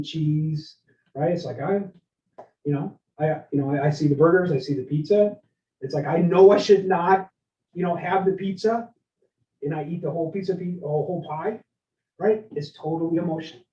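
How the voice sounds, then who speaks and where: A middle-aged keynote speaker with a slightly high voice gives a lively live leadership workshop talk in an event room with both live and online audiences. Energetic, he tells stories and keeps checking in by asking "right?", and the recording sounds roomy, distant, dull and lo-fi.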